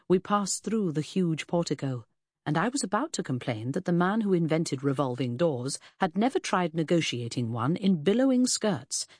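A woman with a low voice reads a period novel in the first person, unhurried and descriptive with a wry edge. The recording is dry and close, with no room sound. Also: a little mellow, dry recording. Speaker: audiobook narrator. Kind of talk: scripted first-person narration.

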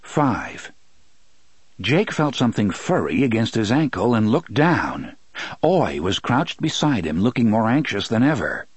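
Male audiobook narrator, expressive, husky tone, dry booth sound. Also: fairly low pitch, unhurried, dry recording. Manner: expressive storytelling, many voices. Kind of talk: scripted narration.

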